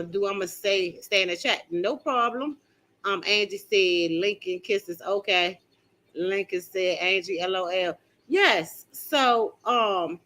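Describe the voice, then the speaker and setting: A middle-aged woman hosting a live stream from home, chatting with viewers in an animated, exclaiming way and laughing often. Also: mid-range voice.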